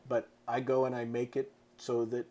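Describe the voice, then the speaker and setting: A middle-aged author's mid-range voice comes across completely flat and dark at normal speed. He's delivering a casual instructional talk to camera about writing, chatting easily and tossing in playful sound effects.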